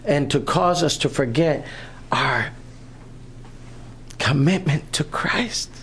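A preacher telling a Bible story in a sermon, animated and chuckling, acting out the characters along the way. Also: medium pitch, takes it slowly, a little hiss or hum.

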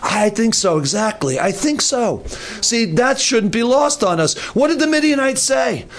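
An older man preaching a sermon, telling a story with animated, acted-out voices. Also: extremely high pitch, moderate pace. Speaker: pastor.

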